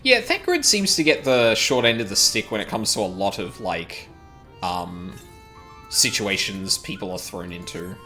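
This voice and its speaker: A man's voice: lowish voice, very animated, a little slow, sharp tone, soft background music. A man streaming a game, chatting casually, swearing now and then, and reading quest text aloud. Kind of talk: casual chat while playing a game.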